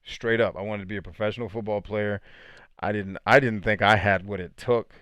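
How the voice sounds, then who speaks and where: Guy in his 30s, lowish voice, chatty live podcast host, laughs a lot, super dry close mic. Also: brisk, clear, resonant tone, no echo. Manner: animated storytelling, laughs often, drops to quiet asides. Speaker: podcast host answering viewer questions. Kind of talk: casual live chat.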